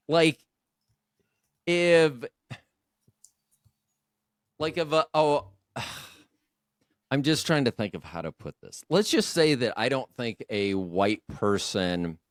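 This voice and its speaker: A man's voice: medium pitch, sing-song, very slow, long pauses, dry recording, clean studio sound. Guy hosting, goofy and rambly, voice jumps around a lot. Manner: joking, rambling, self-deprecating. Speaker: podcast host. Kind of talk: casual chat.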